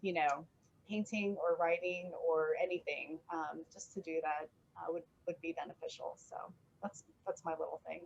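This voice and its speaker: A woman's voice: low-pitched, steady tone, moderate pace, vocal fry, dull audio, a little hiss or hum. A woman guest on an art podcast, talking casually with lots of fillers. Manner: rambling, many fillers like "like" and "um". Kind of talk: casual chat.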